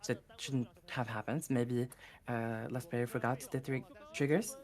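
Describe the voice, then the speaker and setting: A woman's voice: extremely low pitch, fairly even intonation, a little slow, darkish tone. A woman commentating live on a card game tournament, talking in a hesitant, filler-heavy way.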